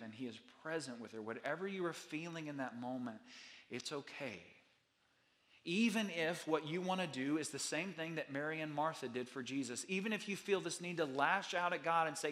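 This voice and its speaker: Earnest preaching man, softening on key lines. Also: on the high side, normal speed. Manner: earnest, repetitive preaching cadence that drops soft on key lines. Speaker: pastor. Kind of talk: sermon.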